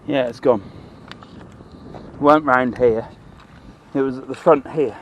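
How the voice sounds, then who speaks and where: A man's voice: mid-range voice, a little slow, dull audio, slight background noise. A man with a Norfolk accent, chatting casually to camera while fishing outdoors, rambling in broad dialect. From Norfolk, England. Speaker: fishing vlogger. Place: outdoors by the water.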